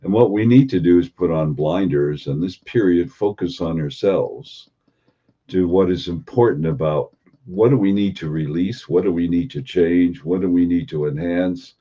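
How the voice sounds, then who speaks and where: A man giving an unhurried spiritual talk as a teacher, posing and repeating rhetorical questions. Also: sits low, dark tone. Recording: dull lo-fi recording.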